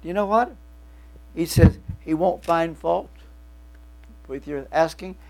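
Old guy in his 70s giving a sermon, bit of a cough, folksy jokes, slightly high voice, hum in the background. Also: measured pace, creaky, a little mellow. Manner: folksy, joking asides to the congregation. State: lingering cough. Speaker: pastor.

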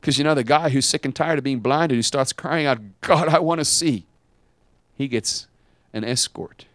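A man preaching a sermon as pastor, dramatic, swinging from quiet asides to shouted lines. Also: medium pitch, normal speed, no room sound.

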